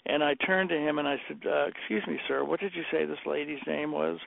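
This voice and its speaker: An older man, a decorator telling rambling, animated anecdotes and acting out the quotes in a casual chat. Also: fairly high pitch, brisk, vocal fry, no echo. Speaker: interior decorator guest. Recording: dry tinny phone-like audio.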